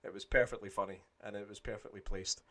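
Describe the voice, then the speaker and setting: A man co-hosting a casual film podcast, animated and blunt, swearing casually and acting out scenes as he talks. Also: on the low side, fast. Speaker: podcast co-host.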